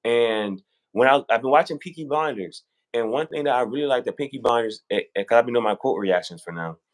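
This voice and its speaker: Animated man telling stories casually. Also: mid-range voice, fairly quick. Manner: animated storytelling, acting out quoted voices. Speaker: guest on fashion talk show. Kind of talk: casual conversation.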